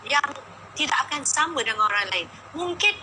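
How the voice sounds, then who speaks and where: A woman's voice: sits high, expressive, brisk, noisy background. A woman, a vocal coach talking casually and emphatically in mixed Malay and English, asking rhetorical questions.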